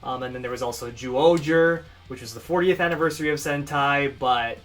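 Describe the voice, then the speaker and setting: A young man in casual, rambling fan commentary, gushing with frequent animated outbursts. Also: a little high, a little fast, faint music behind. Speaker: fan channel co-host.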